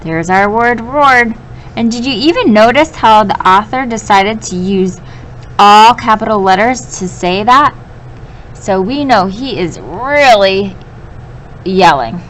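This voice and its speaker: Woman teacher, read-aloud lesson for kids: slow, patient, clear, mid pitch. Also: lively intonation, fairly bright tone, slight background noise, poor audio.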